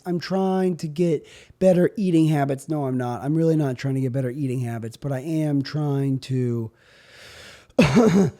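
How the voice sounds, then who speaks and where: A young man hosting a solo podcast, riffing on absurd bits in a rambling, offhand way. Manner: absurd deadpan riffing, drifting in pitch and loudness. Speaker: podcast host.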